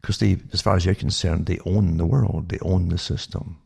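A man with a very low voice and a heavy gravelly fry, talking in a long rambling monologue. His tone is dark and husky, and he keeps restarting sentences and tossing "eh?" at the listener. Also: fairly even intonation, moderate pace. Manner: rambling, with frequent restarts and asides like "eh?". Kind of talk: monologue commentary.

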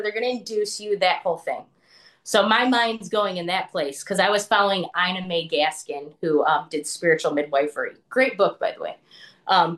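Woman, interview guest, casual storyteller: conversational, loose, quotes others in their own words. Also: mid-range voice. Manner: chatty, full of "like", acts out what others said.

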